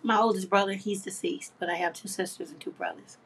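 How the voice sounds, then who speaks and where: A woman's voice: medium pitch, fairly quick, a bit bright, breathy edge. A woman hosting a craft livestream, chatting casually and affectionately with viewers, reading their comments aloud and laughing often.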